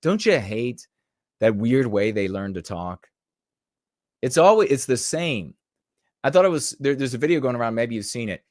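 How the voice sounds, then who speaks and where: A man's voice: medium pitch, big pitch swings, normal speed, pauses often, darkish tone, dry recording, clean studio sound. A man hosting a podcast in a casual, rambling and sarcastic commentary style. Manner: rambling and sarcastic, mimics people mockingly. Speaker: podcast host.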